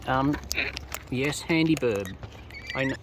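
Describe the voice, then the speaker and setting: Speaking slowly with lively intonation and a medium pitch, a man with an Australian accent films wild birds at his feeder and chats to them outdoors, teasing and affectionate. The outdoor recording is noisy.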